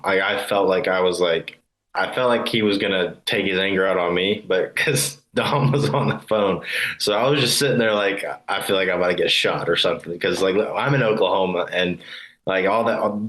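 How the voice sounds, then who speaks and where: A man's voice: low-pitched, a bit bright, poor audio. A man of about twenty, a new insurance agent, telling a story casually with many fillers and hesitations. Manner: hesitant, many fillers, laughs between phrases.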